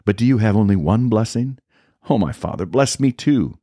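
A man's voice: lowish voice, very animated, normal speed, darkish tone, no room sound, studio quality, pitched above the performer's own voice. A man voicing a wronged grown son who pleads in a strained, rising voice. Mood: desperate.

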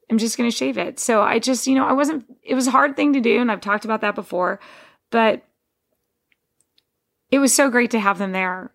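Woman with a gravelly vocal fry. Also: mid-range voice, a bit bright. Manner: rambling, digressive, frequent restarts. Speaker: podcast host. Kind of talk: casual personal monologue.

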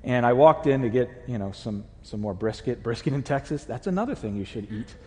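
A man's voice: mid-range voice, expressive, fairly quick, dark tone, in a large hall. A man preaching a conversational sermon and putting questions to his congregation. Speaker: pastor. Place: church sanctuary.

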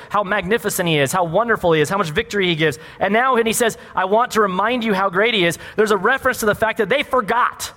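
A man with a high voice delivers a lively sermon as a pastor. He keeps asking his listeners questions as he preaches. His voice rings with the long reverb of a large hall. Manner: animated preaching, rhetorical questions.

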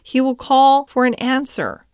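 A cab driver's wife from a classic storybook, brisk and lively, her voice pitched up and bright with news, as a woman voices her. Clear and smooth in a dry, close recording. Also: no echo. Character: kind working-class wife and mother.

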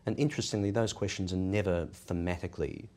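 A man explaining ideas in a measured academic discussion, posing rhetorical questions as he goes. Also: deep voice, fairly even intonation, dark tone. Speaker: podcast discussant.

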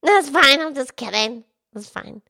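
A woman's voice: high-pitched, animated, unhurried, vocal fry, pushed and bright, dry recording, clean studio sound, heavily acted. A woman voicing a cheerful, enthusiastic pig who hosts a children's educational show. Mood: upbeat. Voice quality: bubbly, enthusiastic. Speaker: show host.

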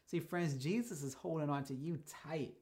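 A man's voice: a little high, darkish tone. A man preaching a sermon as a pastor, telling stories in a casual, conversational way and shifting his pace for emphasis. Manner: casual storytelling preacher, speeds up and slows down for emphasis.

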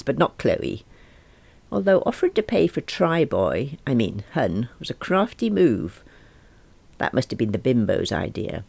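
Wry middle-aged woman narrating, gravelly. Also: very deep voice, darkish tone, no room sound. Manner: wry, self-mocking, dry humor. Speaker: audiobook narrator. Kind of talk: narrating a comic diary novel.

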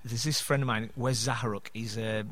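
A man's voice: medium pitch, fairly even intonation, a little fast, a bit bright. A man, co-hosting a podcast in casual chat, chatty and laughing often. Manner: chatty, laughs often, does funny voices in stories. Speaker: podcast co-host.

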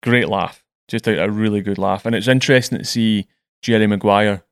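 A man hosts a casual podcast, his voice sitting low and recorded close and dry. He tells stories in a chatty, easygoing way and often trips over and repeats his words. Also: steady tone, brisk, dry recording. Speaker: podcast host. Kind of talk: casual chat.

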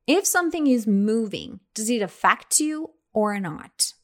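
A woman's voice: fairly high pitch, big pitch swings, measured pace, soft background music. A young adult woman explaining English expressions in a casual lesson, chatty, with many fillers and restarts. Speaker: English teacher.

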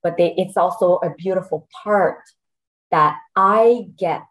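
A woman's voice: fairly low pitch, a little slow, fairly bright tone, rough recording. A middle-aged woman, a podcast guest, telling a personal story earnestly and getting choked up, with laughs between phrases.

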